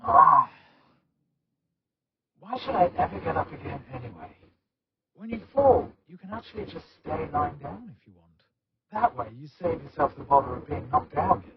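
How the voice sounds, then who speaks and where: A man's voice: fairly high pitch, sing-song, moderate pace, a crowd in the background. An actor voicing a gloomy, self-loathing young man who talks sarcastically, often muttering to himself. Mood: sarcastic. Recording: dull lo-fi game audio over music.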